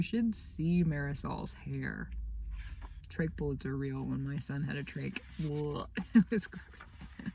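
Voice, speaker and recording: A woman's voice: extremely low pitch, slow, vocal fry, dark tone, slightly rough, no echo. A woman author chatting casually, then reading her own novel aloud, talking with many fillers and openly moved by her story. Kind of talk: casual chat and read-aloud narration.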